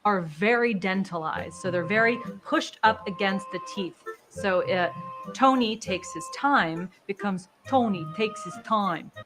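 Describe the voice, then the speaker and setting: Accent coach, woman, clear demonstrative delivery, faint music behind. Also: mid-range voice, measured pace. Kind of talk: instructional video.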